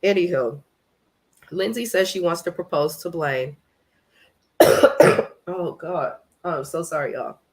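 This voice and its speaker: A woman's voice: fairly low pitch, measured pace, long pauses, darkish tone, breathy edge. A woman from California hosting a casual live recap of a reality show, talking in a blunt, profane and opinionated way.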